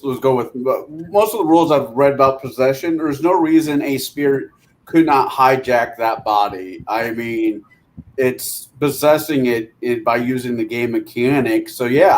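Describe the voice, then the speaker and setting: A man game master in a casual live-stream chat, animated and swearing freely. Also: mid-range voice, poor audio.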